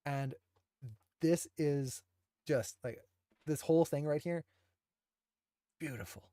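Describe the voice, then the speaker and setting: A man's voice: a little high, takes it slowly, dark tone, no echo, clean studio sound. A man who teaches animation, enthusiastically breaking down shots with emphatic, admiring commentary.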